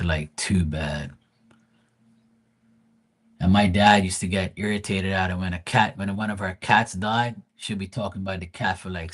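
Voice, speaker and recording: A grieving man, a tarot reader who streams, talks casually and with profanity in a rambling livestream, often starting his sentences over. His voice is deep and a little rough.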